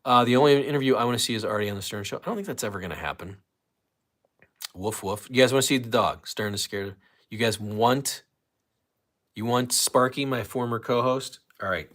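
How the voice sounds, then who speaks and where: A man's voice: medium pitch, a little fast, a bit bright. An older man hosting a casual livestream, rambling and joking with viewers, at times out of breath. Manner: rambling, jokey, talks to chat. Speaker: livestream host.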